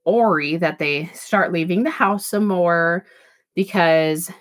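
A woman's voice: fairly low pitch, slow pace. A woman co-hosting a casual podcast, frankly retelling a book's plot and laughing often. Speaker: podcast co-host. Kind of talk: casual book-recap chat.

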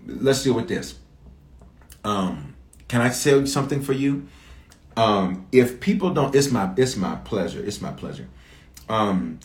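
A man's voice: medium pitch, reverberant. A man answering audience questions as a bishop, in an emphatic, repetitive preaching cadence. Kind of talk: preaching Q&A talk.

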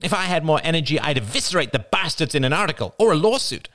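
A man's voice: medium pitch, very animated, moderate pace, fairly bright tone, dry recording, clean studio sound, voice pushed up. A man doing a brash, snappish ex-reporter woman. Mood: bitter. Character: proud ailing middle-aged woman, former famous reporter.

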